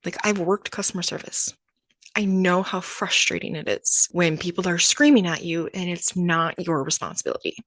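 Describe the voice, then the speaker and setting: A young adult woman talks through a personal story on her podcast, candid and chatty, slipping into the voices of the people in her story. Her voice sits a little low. The sound is dry and close, with no room around it. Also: normal speed, fairly bright tone, no echo. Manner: candid and conversational, acting out quoted exchanges. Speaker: podcast host.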